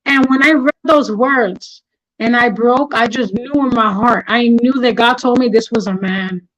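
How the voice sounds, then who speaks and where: On dull audio, a middle-aged woman hosting a livestream speaks unhurriedly in a voice on the high side. She's angry and impassioned, repeating herself to drive her points home in emotional livestream talk.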